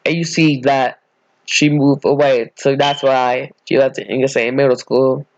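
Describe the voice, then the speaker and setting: A man's voice: mid-range voice, flat delivery, measured pace, no room sound. A man casually narrating an improvised fan story, rambling and correcting himself as he goes, on a dull, dry recording.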